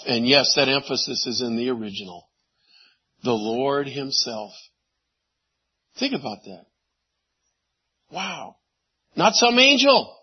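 A man preaching a sermon, animated, swinging from loud exclamations to hushed asides. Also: a little high, slightly rough, dull audio. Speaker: pastor.

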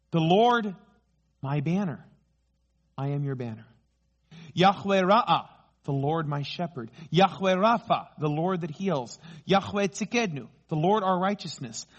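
A man preaching a sermon, emphatic, slowing down on key phrases and rising when excited. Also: high-pitched. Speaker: pastor.

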